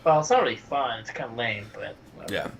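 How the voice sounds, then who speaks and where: A man's voice: mid-range voice, lively intonation, fast talker, creaky, slight background noise. A man co-hosting a podcast, casually recapping episodes with fillers and swearing. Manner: laid-back recapping, swears and uses lots of fillers. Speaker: podcast co-host.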